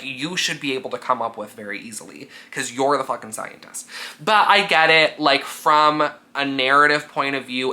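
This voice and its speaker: Guy rambling on his book vlog, bright sharp voice, swears a lot, all likes and ums, super emotional. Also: medium pitch. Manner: animated and sweary, filler-heavy; emotionally gushing, near tears. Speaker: book vlogger. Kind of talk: casual reading vlog chat.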